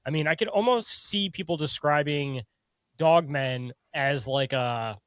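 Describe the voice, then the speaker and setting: A man's voice: on the high side, unhurried, a bit bright, clear, resonant tone, dry recording, studio quality. A man hosting a podcast in casual chat, thinking aloud with many likes and hedges. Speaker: podcast host.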